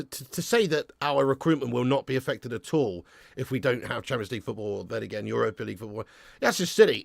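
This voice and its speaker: A man hosting a live football watch-along, reading viewers' messages and ranting with lots of swearing, loud one moment and low and glum the next. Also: gravelly, no room sound, clean studio sound. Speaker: YouTube fan channel host.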